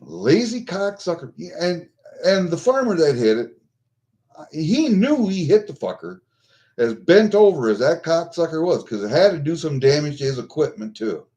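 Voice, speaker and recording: A man's voice: on the high side, big pitch swings, normal speed, dark tone. An older American man venting angrily on a vlog, swearing constantly. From United States. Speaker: vlogger.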